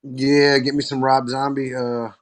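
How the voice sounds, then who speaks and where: Laughing through his own crude jokes, this livestream host swaps rude stories in relaxed conversation. His mid-range voice shows little pitch movement and stays measured, in a dry recording.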